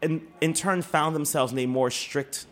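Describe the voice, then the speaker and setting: A man co-hosting a casual podcast chat, animated and swearing, with lots of fillers and laughs. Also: on the high side, normal speed. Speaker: podcast co-host.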